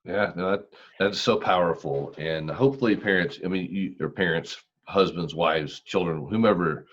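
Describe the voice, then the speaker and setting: A man's voice: low voice, moderate pace, fairly bright tone, lo-fi sound. A male podcast host speaking in an affirming way over a video call, summarizing his guest's point. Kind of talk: casual interview talk.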